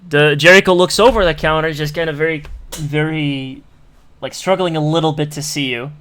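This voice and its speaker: A man's voice: a little high, steady tone, moderate pace, fairly bright tone, clear, resonant tone. A man running a tabletop game as game master, narrating with frequent restarts and fillers. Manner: hesitant, many restarts and fillers.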